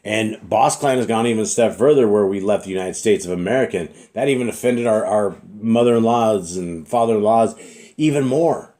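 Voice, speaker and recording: A middle-aged man preaching in an earnest, repetitive way, clearing his throat often and fighting a slight cough. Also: on the low side, fairly quick, hardly any pauses, dark tone. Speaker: religious teacher. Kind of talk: informal preaching monologue.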